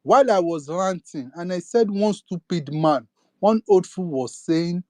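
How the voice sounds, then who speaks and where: A man's voice: sits high, expressive, unhurried, darkish tone, dry recording. A young man with a Nigerian accent giving an impassioned political rant, firing off indignant rhetorical questions. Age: young adult. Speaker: speaker in an online audio space.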